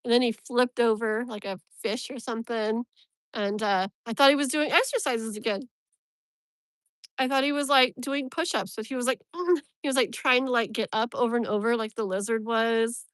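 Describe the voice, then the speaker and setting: Woman, casual live-stream host, chatty and rambling, laughs a lot, slightly high voice. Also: fairly even intonation, normal speed, a bit bright, no room sound, clean studio sound. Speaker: live tarot reader and streamer.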